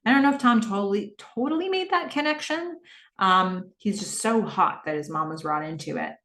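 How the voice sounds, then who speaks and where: A woman's voice: mid-range voice, normal speed, a bit bright. A woman hosting a podcast, casually recapping a TV episode and acting out the characters' lines. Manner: chatty, acts out lines of dialogue. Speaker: podcast host. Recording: echoey room, distant mic.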